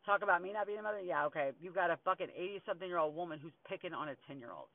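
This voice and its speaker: A podcast host with a lowish voice races through a raw venting monologue, ranting angrily and swearing heavily. There's no room sound, but the audio is thin and tinny, like it came over a phone line.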